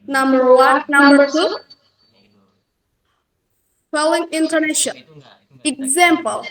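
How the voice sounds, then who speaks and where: A woman, a student presenter slowly explaining course material, hesitating over her words. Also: high voice, low-quality recording. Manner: slow, hesitant explaining with fillers.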